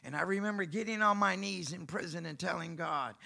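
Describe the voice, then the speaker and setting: Gravelly high-voiced man preaching. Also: a little fast. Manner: animated storytelling, acting out dialogue, bursts of shouting. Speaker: preacher giving testimony. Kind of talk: sermon testimony.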